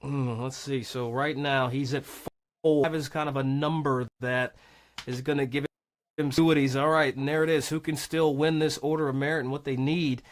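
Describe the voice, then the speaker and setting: A man doing live golf commentary, chatty and excitable, cracking jokes with his co-host. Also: medium pitch, moderate pace.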